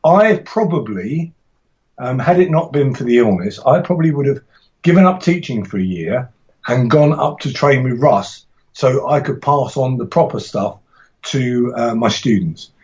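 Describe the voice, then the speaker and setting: A man's voice: mid-range voice, animated, moderate pace, darkish tone, highs cut off. A man talking casually as a podcast guest about teaching martial arts, rambling and enthusiastic, with frequent restarts and laughs.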